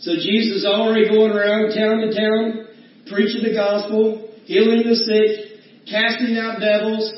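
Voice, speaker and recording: High-voiced preaching man in an echoey church. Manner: preaching, calling for amens. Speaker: pastor. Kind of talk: sermon. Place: church sanctuary. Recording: roomy echo, distant mic, slightly dull.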